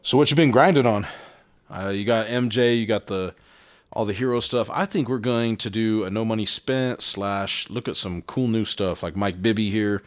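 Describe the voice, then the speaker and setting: Breathy, chatty male game streamer. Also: fairly low pitch, moderate pace. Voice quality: audible heavy breathing. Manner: chatty, rambling, repeats phrases. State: slightly out of breath. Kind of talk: casual live-stream chat.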